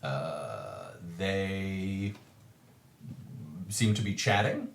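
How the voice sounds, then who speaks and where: A man narrating a tabletop game as game master, halting often with ums and uhs. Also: deep voice, very animated, gravelly, reverberant.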